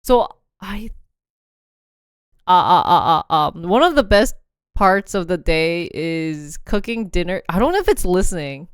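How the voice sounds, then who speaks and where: A woman's voice: on the low side, very animated, a little slow, smooth, no echo, studio quality. A young woman hosting a casual livestream, chatting in a rambling way, laughing often and reading short passages aloud. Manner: reads sample passages aloud to a phone app. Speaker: livestream host.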